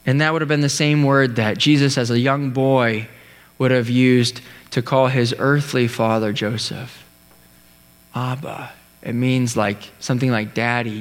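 A man preaching a sermon, telling a story in an earnest way, with pauses and restarts. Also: mid-range voice, fairly even intonation, smooth. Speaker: pastor. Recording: long hall reverb.

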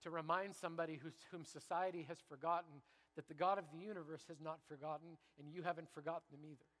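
A man preaching a sermon in a high, bright voice. He moves from hushed, reflective passages to loud, rousing repetition. He is from Canada and speaks to a congregation. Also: steady tone, fast talker, long reverb tail. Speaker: pastor.

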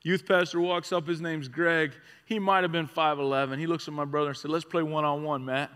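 A man preaching a sermon as a conversational story, swinging from excited and loud to hushed and quiet. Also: on the high side, a little fast, smooth. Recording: long reverb of a large hall.

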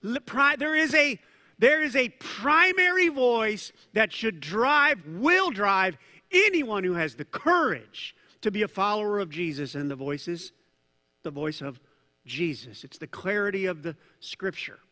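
A male pastor giving a sermon, conversational and animated, with jokes and asides to the congregation. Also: high-pitched, normal speed, in a large hall. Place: church hall.

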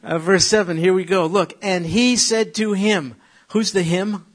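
A middle-aged man from New York with a New York accent, preaching and teaching from the Bible with animated, joking asides to his congregation. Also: sits high, measured pace. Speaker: pastor.

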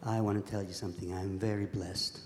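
A man's voice: on the low side, little pitch movement, fairly quick, darkish tone, a little hiss or hum. A man interpreting a pastor's words phrase by phrase. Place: large church sanctuary. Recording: echoey church hall.

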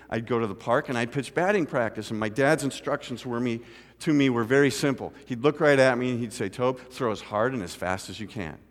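A middle-aged man preaching a sermon as pastor, telling a story and asking the congregation questions. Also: mid-range voice. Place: church sanctuary. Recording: church hall with long reverb.

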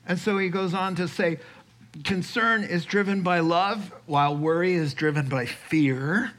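A man preaching a sermon, animated, acting out quoted voices and chuckling as he teaches. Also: sits high, measured pace. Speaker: pastor.

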